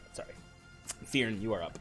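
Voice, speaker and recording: Guy running a tabletop game, easygoing, laughs a lot, soft music playing. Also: on the low side. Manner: relaxed, laughs often while explaining rules. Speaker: game master.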